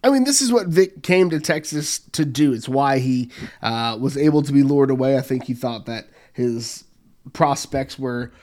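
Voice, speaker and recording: A man's voice: mid-range voice, animated, normal speed, darkish tone. Man co-hosting a sports podcast. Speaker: podcast co-host. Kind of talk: casual sports podcast chat.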